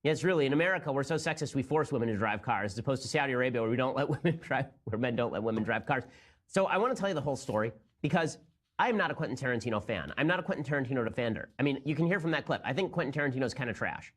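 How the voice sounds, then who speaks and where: A man's voice: medium pitch, expressive, very fast. A young man hosting a commentary show, talking in a sarcastic, incredulous way as he reacts to clips. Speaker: political commentator host. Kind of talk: rapid-fire sarcastic commentary.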